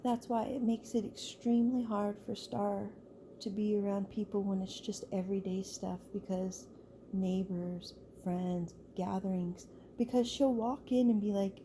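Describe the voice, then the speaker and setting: A woman talks through a story in a relaxed, conversational way, and her words spill out with fillers and false starts. Her voice is very dark and mellow and sits at an ordinary middle pitch. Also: unhurried, slight background noise. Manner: loose and chatty, full of "like" and restarts. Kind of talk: casual spoken storytelling.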